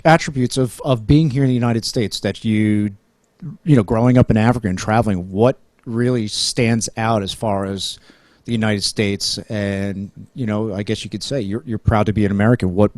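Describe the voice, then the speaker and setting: A man's voice: on the low side, moderate pace, a little mellow, dry recording. A middle-aged man from New Jersey with a New Jersey accent, hosting a casual interview, rambling and joking with many restarts. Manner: rambling, restarts often, jokey. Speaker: podcast host.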